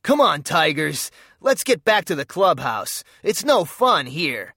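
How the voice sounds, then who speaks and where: A storyteller voicing a big, rough bully boy who talks in a curt, growling way. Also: mid-range voice, sing-song, slow, fairly bright tone, no room sound, studio quality, voice pushed up, full character voice. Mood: threatening.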